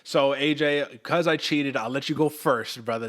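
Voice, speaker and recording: A man's voice: medium pitch, moderate pace, fairly bright tone. A young man co-hosting a casual sports betting podcast, hyped and slangy, calling the listener brother and folks. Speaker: podcast co-host.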